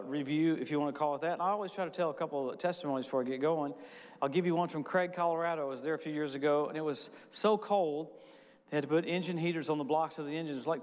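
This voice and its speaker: Man, middle-aged, preacher, high voice, casual storytelling sermon, long hall reverb. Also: darkish tone. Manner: casual storytelling, quick asides. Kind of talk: sermon with testimonies.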